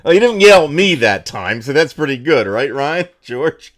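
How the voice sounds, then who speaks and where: A man's voice: fairly high pitch, big pitch swings, normal speed. A man co-hosting a comedic chat show, flustered and apologetic while juggling the stream. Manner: flustered, apologetic, laughing often. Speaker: co-host running the stream.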